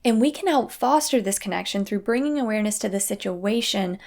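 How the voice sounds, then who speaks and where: A young woman hosts a parenting show, talking through her points in a calm, earnest, scripted way. Her voice sits at an everyday middle pitch. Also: fairly quick. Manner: calm, earnest, acts out quoted phrases. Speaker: parenting podcast host. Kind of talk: scripted solo talk.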